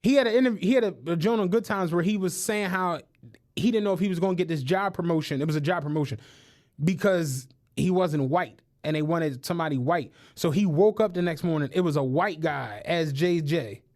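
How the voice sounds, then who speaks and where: A man co-hosting a podcast, telling stories in casual chat, animated and full of swearing and laughter. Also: fairly high pitch, fairly quick. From United States. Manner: animated storytelling, swears a lot, laughs often. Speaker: podcast co-host.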